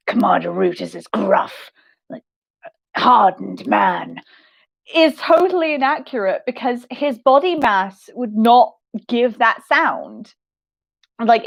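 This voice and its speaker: Giggly young woman answering questions. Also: fairly high pitch. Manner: giggly, self-deprecating. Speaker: podcast writer answering audience questions. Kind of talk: casual livestream Q&A.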